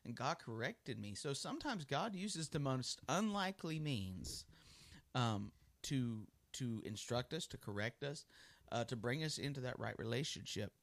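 A man's voice: medium pitch, sing-song, unhurried, no room sound. A male pastor preaching a sermon in a loose, conversational way, full of ums and restarts.

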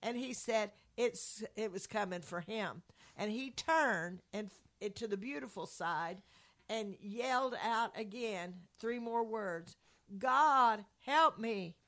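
Woman speaker, mid-pitched, earnest rambling faith storyteller. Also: unhurried. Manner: earnest, rambling retelling with restarts. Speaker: speaker sharing a faith testimony. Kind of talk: conversational religious storytelling.

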